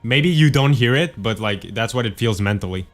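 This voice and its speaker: A man's voice: medium pitch, expressive, moderate pace, soft background music. A man streaming a game and chatting casually, rambling and joking at his own expense. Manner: rambling, self-deprecating, laughs often.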